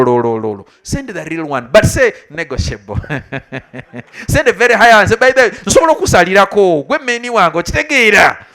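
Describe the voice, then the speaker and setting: Woman speaker, teasing and emphatic, lively pitch swings, motivational address. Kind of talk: motivational speech to graduates.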